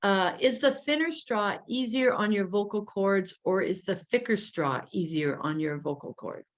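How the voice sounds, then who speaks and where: A woman's voice: medium pitch, normal speed. A woman moderating a workshop, politely asking the coach a short question. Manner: polite, asks brief questions.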